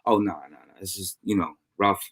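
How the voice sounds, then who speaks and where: A man's voice: low voice, steady tone, fairly quick, fairly bright tone, husky, dry recording, clean studio sound. A man co-hosting a casual talk show, laid-back and easygoing. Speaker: co-host. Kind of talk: casual chat.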